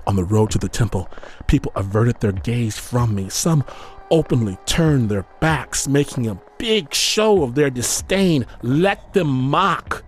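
A man narrating a story in the first person, grave and measured in his delivery. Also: mid-range voice, lively intonation, faint music behind.

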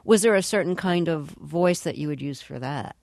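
A woman's voice: sits low, moderate pace, creaky, darkish tone, dry recording, studio quality. A woman hosting a radio interview, asking curious, conversational questions.

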